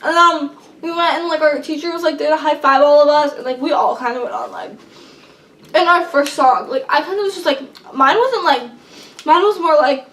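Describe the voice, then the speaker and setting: A young woman vlogger telling a long story in casual chat, rambling and excitable with lots of fillers. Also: high-pitched, normal speed. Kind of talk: casual storytelling while eating. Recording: echoey room, mic at a distance.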